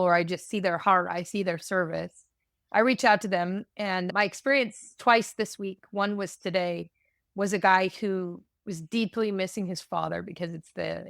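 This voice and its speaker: A woman's voice: fairly low pitch, a bit bright, dry recording, studio quality. A woman hosting a conversational interview, supportive, with frequent short affirmations. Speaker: podcast host.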